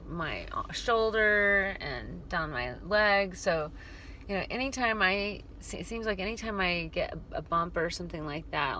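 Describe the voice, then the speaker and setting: A woman chatting slowly to her viewers in a casual vlog. Her voice is bright and clear, and she rambles in a heartfelt, affectionate way, pausing often and filling gaps with "um" and "you know.". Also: lowish voice, a little hiss or hum. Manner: rambling, heartfelt, with frequent pauses and fillers. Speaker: dystonia awareness vlogger. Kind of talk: casual personal vlog talk. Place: car.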